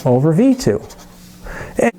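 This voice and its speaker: A man teaching a chemistry lesson in a casual, chatty way, with jokey asides and quick self-corrections. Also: fairly high pitch, sing-song, dark tone, a little hiss or hum. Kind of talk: casual lecture.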